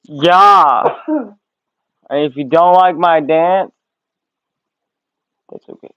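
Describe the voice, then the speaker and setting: A man's voice: a little high, steady tone, slow, fairly bright tone, smooth, no room sound. A man hosting a casual livestream, chatty and swearing, laughing and coughing between lines. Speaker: livestream host. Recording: tinny phone-like audio.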